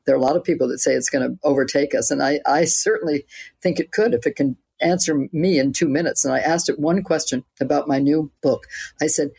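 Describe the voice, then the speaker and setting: A woman's voice: low voice, a little fast, gravelly, mellow, husky, no echo. A woman in her eighties, an actress and author, chatting reflectively as an interview guest with light laughs mid-sentence. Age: 80s. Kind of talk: casual interview chat.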